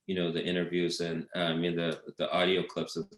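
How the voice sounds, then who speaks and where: A man's voice: deep voice, flat delivery, fairly quick. A man being interviewed as a guest, telling stories casually with many fillers and restarts. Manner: rambling storytelling with many fillers. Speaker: documentary director, guest. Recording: roomy echo.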